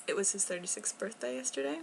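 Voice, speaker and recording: A young woman chatting casually in a rambling vlog at home, talking quietly and filling gaps with ums and soft laughs. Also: medium pitch, vocal fry, a little hiss or hum, rough recording. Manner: talking quietly, at times near a whisper. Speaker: vlogger. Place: home, indoors.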